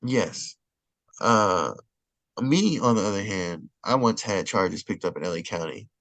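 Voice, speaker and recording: A stand-up comedian telling a story in a rambling, indignant way. His voice sits a little low and has a gravelly rasp. The recording is dry and close. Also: expressive, unhurried, a bit bright, no room sound. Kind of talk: casual storytelling in conversation. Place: Los Angeles.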